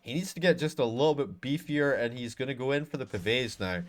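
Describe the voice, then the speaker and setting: A man casting a live esports match, calling plays excitedly and then breaking down the fight in a relaxed way. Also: mid-range voice, fairly quick. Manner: excitable play-by-play shifting to relaxed analysis. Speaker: esports caster. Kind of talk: live game commentary.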